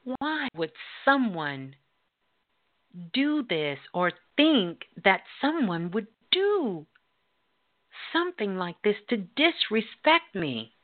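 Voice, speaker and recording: A woman voicing a proud young woman who sees herself as a princess, speaking calmly and firmly, over a tinny phone-like line. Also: mid-range voice, slow, voice pushed up. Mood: hurt. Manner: calm, firm, soft-spoken.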